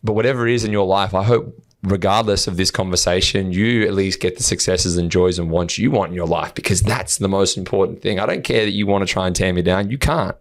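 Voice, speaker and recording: A man's voice: low voice, fast. A man co-hosting a podcast, talking earnestly and swearing freely as he acts out his replies to online trolls. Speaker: podcast co-host. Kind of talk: casual podcast chat.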